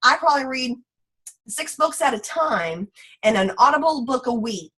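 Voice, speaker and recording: A woman leading a motivational team call, energetic and folksy, slipping into playful voices for quotes. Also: high-pitched, normal speed, breathy edge, rough recording. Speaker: team leader.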